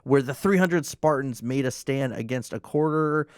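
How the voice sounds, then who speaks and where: A man's voice: medium pitch, moderate pace, clean tone, dry recording, studio quality. A man co-hosting a casual gaming podcast, reading out lore entries and then commenting on them. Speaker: podcast co-host.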